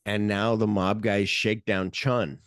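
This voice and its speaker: A man's voice: on the low side, flat delivery, takes it slowly, no echo, studio quality. A man co-hosting a podcast, recapping a movie in casual profane chat and acting out the scenes in quoted voices. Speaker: podcast co-host.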